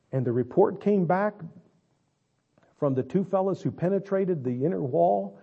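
A male pastor preaching a sermon, swinging between quiet asides and drawn-out, emphatic lines. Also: fairly high pitch, lively intonation, gravelly, breathy edge, lo-fi sound. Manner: dramatic, swings between quiet and loud, stretches words.

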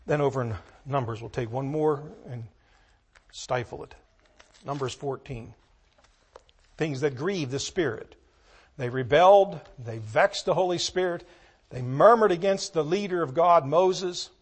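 A man delivering a sermon in a somewhat high voice, moving from quiet, almost whispered asides to loud, pressing emphasis. He reads scripture in slow, measured phrasing and repeats key words for weight. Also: slightly rough. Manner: emphatic, dramatic swings from hushed to loud. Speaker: preacher.

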